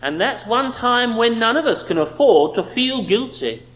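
Male preacher, high voice with lively swings, emphatic, rhetorical questions. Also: moderate pace, lo-fi sound. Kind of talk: sermon.

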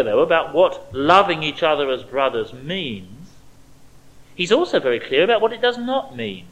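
A man preaching an expository sermon, stressing key words and dropping to quiet asides. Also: fairly high pitch, low-quality recording.

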